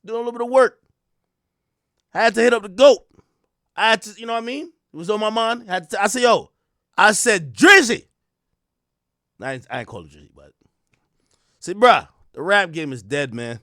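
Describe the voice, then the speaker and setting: A man hosting a livestream, ranting in boastful, profane commentary that swings between loud outbursts and mumbling. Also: high-pitched, lively intonation, a little fast, long pauses, dry recording, studio quality. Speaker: livestream host.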